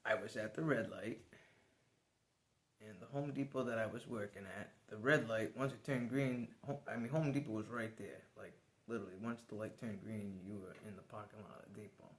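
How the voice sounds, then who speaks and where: A man telling a personal story to the camera in a casual vlog, animated and swearing now and then. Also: lowish voice, a little fast, echoey room. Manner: animated, swears, laughs as he tells it. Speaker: vlogger.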